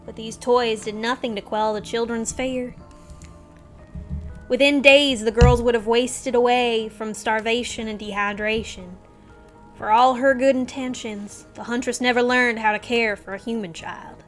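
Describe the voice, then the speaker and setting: A young woman streaming from home, reading a game's dialogue aloud into a desk mic with lively swings between loud bursts and quiet storytelling. Her voice sits a little high, with faint game music under it. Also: measured pace.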